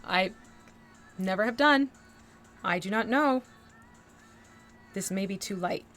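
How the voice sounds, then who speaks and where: A woman hosting a casual painting livestream, thinking aloud as she works and answering her chat with bursts of excitement. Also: medium pitch, slow pace, faint music behind. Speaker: livestream host painting a miniature. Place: home art desk near an air conditioner.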